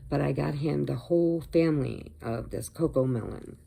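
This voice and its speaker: A woman's voice: deep voice, normal speed, gravelly, dark tone. An older woman from Illinois, chatting casually and rambling on her crochet vlog, laughing often. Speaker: crochet vlogger. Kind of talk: casual chat.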